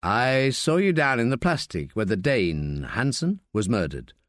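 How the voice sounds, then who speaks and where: Man doing a cool persistent detective, needling questions, lively pitch, dry close audiobook sound. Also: unhurried, no echo. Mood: probing. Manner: probing, needling. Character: persistent, cool-headed male police detective.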